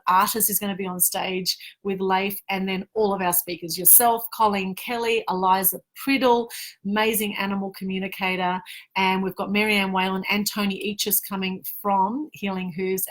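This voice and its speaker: Australian woman host, gushing and enthusiastic, mid-pitched voice. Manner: effusive, enthusiastic. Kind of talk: casual interview.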